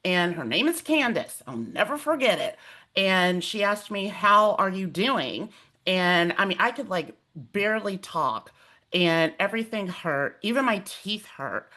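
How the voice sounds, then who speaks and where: A woman hosting a webinar in a casual, animated way, telling a personal story with lots of fillers. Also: on the low side, a little slow. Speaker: host.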